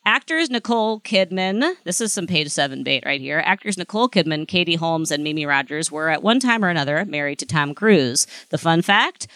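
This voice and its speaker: A podcast co-host reading out celebrity trivia in casual, lively chat. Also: mid-range voice, a little fast, hardly any pauses, no echo. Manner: lively, chatty, laughs often.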